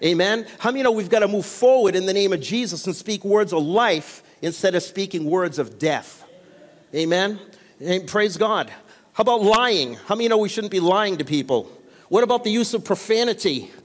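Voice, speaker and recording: New guy preaching, pretty high voice, big echoey church hall, keeps asking amen?. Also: animated, normal speed. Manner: call-and-response preaching, frequent amens. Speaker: pastor. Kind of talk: sermon. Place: church sanctuary. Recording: long reverb of a church hall.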